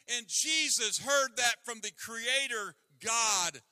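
A man preaches with a high, piercingly bright voice, slow and deliberate. He swings between ringing emphasis and near-whispers. The sound is close and dry. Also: smooth, no echo. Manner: dramatic swings from loud to hushed; breaks into hymn lines. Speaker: pastor. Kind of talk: sermon.

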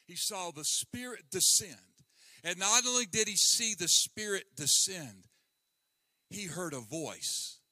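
High-voiced, bright pastor preaching slowly. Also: male voice, animated, no echo, studio quality. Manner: dramatic swings from loud to hushed; breaks into hymn lines. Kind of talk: sermon.

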